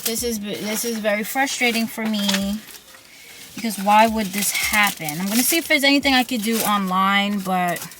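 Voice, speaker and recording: A woman's voice: medium pitch, normal speed, noisy background. A woman vlogging casually about her small business, venting her frustration and swearing often. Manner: frustrated, swearing, repeats herself. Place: out and about, then at home.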